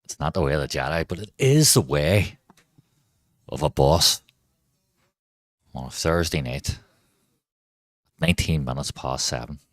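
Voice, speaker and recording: A man with an extremely deep, low voice chats through a live game stream, rambling from one thought to the next and swearing freely. The sound is dry and close, with no room around it. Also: expressive, a little slow, pauses often, no room sound. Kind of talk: casual live-stream chat.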